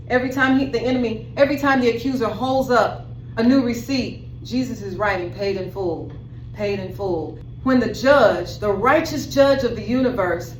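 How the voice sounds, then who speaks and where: A woman preaching a sermon, telling a vivid story and speaking straight to the listener. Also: on the high side. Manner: dramatic storytelling, direct address to listener. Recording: echoey room with faint noise.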